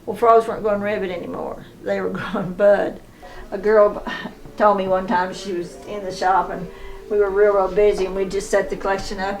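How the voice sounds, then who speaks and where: An elderly woman tells stories in a chatty, folksy way. She talks at an everyday middle pitch and gives a tour of her collection in an indoor shop. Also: flat delivery, normal speed, faint music behind, poor audio. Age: 90s. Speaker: frog museum owner. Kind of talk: casual storytelling tour.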